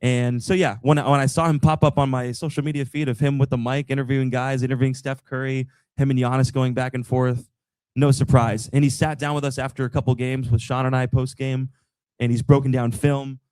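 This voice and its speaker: A young man's mid-pitched voice in a live podcast conversation, close and dry with little room around it. He grew up near Boston but has no accent. He tells stories with animated energy and breaks down the game like the analyst he is. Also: brisk, clean tone, dry recording. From Boston area. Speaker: team TV analyst, guest. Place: live show with audience.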